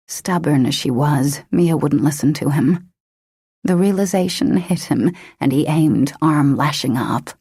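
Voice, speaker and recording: A woman narrating an action-romance audiobook in a steady, dramatic manner. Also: low voice, a little slow, breathy edge, no room sound, studio quality. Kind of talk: scripted narration.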